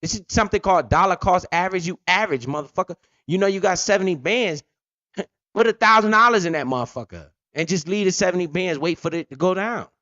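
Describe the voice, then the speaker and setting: A man's voice: sits high, expressive, quick pace, sharp tone, dry recording. A man hosting a crypto channel, giving blunt, profane, joking market commentary off the cuff. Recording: dull lo-fi dry audio.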